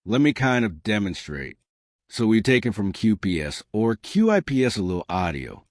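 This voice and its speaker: A man with a lowish voice that swings up and down in lively arcs, teaching learners at an easy, encouraging clip. He keeps checking in with his listeners as he talks. The sound is dry and close, with no room around it. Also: normal speed, dry recording. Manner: encouraging, repeats "right?" to check in. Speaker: English teacher.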